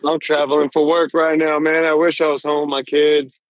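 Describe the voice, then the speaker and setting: A man with a somewhat high voice speaks bluntly in an online chat. The sound is dry and close, and he keeps his answers short. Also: level tone, a little fast, dry recording, lo-fi sound. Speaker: parent traveling for work. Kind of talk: casual group chat.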